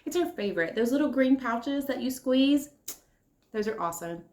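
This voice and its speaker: A woman leading a kindergarten circle time lesson, speaking slowly and encouragingly as she answers imagined children's replies. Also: sits high, lively intonation, darkish tone, echoey room. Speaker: kindergarten teacher.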